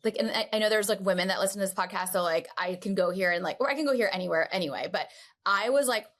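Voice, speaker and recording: Brief: woman guest in a casual interview, animated storyteller with lots of asides, mid pitch. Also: fast. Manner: animated, chatty, full of asides. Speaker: podcast guest, entrepreneur.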